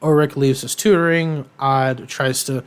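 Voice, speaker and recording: A man's voice: mid-range voice, steady tone, a little slow, smooth. A man co-hosting a podcast, recapping a cartoon in a casual, rambling way, with lots of ums and irreverent asides. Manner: rambling, filler-heavy, irreverent; acts out characters' lines in quotes. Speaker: podcast co-host.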